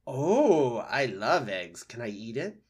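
A man voicing a sly, hungry male fox in a storybook reading, talking high and excitably and begging for food. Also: slow, slightly rough, heavily acted. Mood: pleading.

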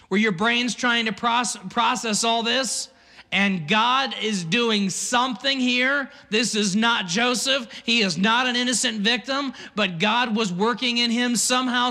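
A man preaching in a lively, chatty way, breaking into asides. His voice sits high and bright. A long reverb trails each phrase, as in a big hall. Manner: animated, conversational preaching with asides and laughs. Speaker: pastor. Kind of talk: sermon.

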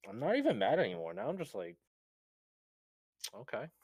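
A man's voice: mid-range voice, huge pitch swings, racing, darkish tone, husky, dry recording. A young man telling a story in a casual chat, swearing freely, laughing often and acting out what people said. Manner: swears a lot, laughs often, acts out quotes.

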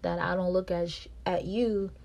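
A woman podcast host, telling a personal story in a monologue and acting out quarrels in a louder, higher voice. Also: fairly even intonation, moderate pace, gravelly. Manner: reenacts quarrels with raised pitch and volume.

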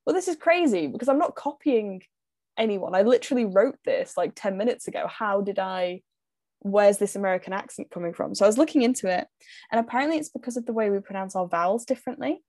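A woman's voice: medium pitch, fast talker, darkish tone, no room sound, clean studio sound. A woman with an English accent chatting casually as a guest. She laughs often and fills her talk with "um" and "like". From England. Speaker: singer-songwriter guest. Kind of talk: casual chat.

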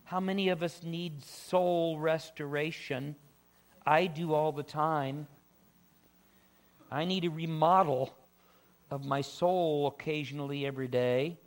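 Slow, emphatic male preacher. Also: a little high, steady tone. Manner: slow, emphatic preaching with drawn-out scripture readings; conversational asides to the congregation. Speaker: pastor. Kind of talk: sermon.

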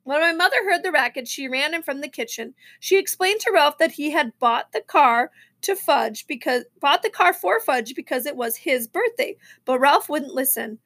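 A woman reading a children's novel aloud, expressive, with small slips and restarts. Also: high-pitched, normal speed. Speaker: reader.

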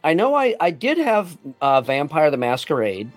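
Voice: mid-range voice, wildly swooping pitch, normal speed, no echo, soft background music. A podcast host in casual chat, hesitant with many fillers and frequent laughter.

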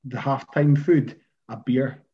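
A man's voice: mid-range voice, steady tone, slow, warm tone. A Scottish man in casual podcast chat, speaking emphatically and opinionated about football. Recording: dull lo-fi sound.

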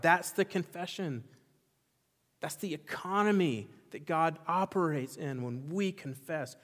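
Male pastor, higher-pitched voice, fervent repetitive preaching, long church-hall reverb. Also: unhurried. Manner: impassioned preaching with emphatic repetition; swings between loud exclamation and quiet intensity. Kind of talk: sermon. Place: church sanctuary.

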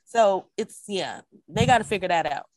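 A woman's voice: mid-range voice, normal speed, no room sound, clean studio sound. A woman speaking emphatically in a casual discussion. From United States. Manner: emphatic, expressive.

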